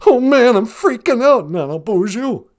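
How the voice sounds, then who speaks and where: A man's voice: very high voice, very animated, moderate pace, a little mellow, pitched above the performer's own voice. A man voicing a jittery, very old male lion who frets and whines, tacking "man" onto his lines. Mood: panicky. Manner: frantic, whiny, keeps saying "man". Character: jittery ancient male lion, panicky worrier.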